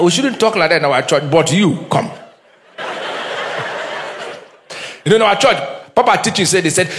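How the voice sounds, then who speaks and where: A man's voice: high-pitched, lively intonation, moderate pace, pauses often, a little hiss or hum. A middle-aged man, a pastor preaching a humorous sermon with call-and-response and Pidgin asides in a church.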